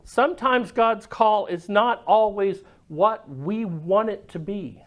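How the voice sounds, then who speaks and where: A man preaching a sermon, telling the story dramatically and dropping to a hush at moments. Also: sits high, slow. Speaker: pastor.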